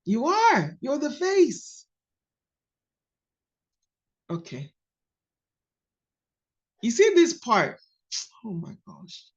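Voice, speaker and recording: Expressive woman coaching over a call. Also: fairly high pitch, extremely slow, pauses often, lo-fi sound. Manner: expressive, repeats key phrases for emphasis. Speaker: coach leading a book study.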